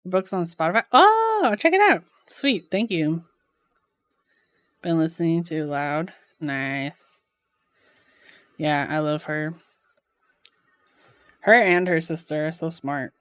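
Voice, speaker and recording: A woman's voice: low voice, steady tone, slow, pauses often, smooth, no echo. A woman live streamer at home, chatting casually with her viewers, with lots of filler "like" and easy laughter. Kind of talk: casual chat while reading live chat.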